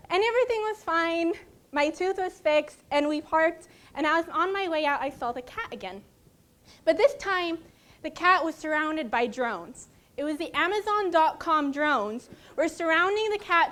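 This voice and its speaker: Casting: woman contest speaker, high voice, lively comic storytelling. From Arizona, USA. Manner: animated storytelling, often laughing. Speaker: speech contest competitor. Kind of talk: humorous tall-tale speech.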